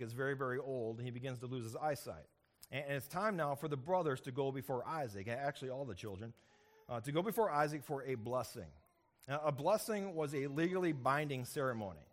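A man preaching a sermon in a conversational storytelling manner, asking "right?" often and acting out the characters' lines. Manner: conversational storytelling with frequent "right?" asides and repeated "and, and"; acts out characters' quotes with shifting pitch and loudness. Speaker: pastor.

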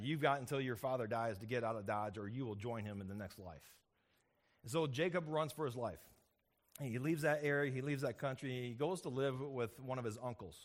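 A man preaching a sermon in a conversational storytelling manner, asking "right?" often and acting out the characters' lines. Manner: conversational storytelling with frequent "right?" asides and repeated "and, and"; acts out characters' quotes with shifting pitch and loudness. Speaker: pastor.

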